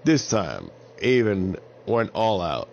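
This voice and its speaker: Low gravelly man telling a kids' story. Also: slow pace. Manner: animated, improvised storytelling. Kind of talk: children's story narration. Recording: slightly dull lo-fi sound with faint hiss.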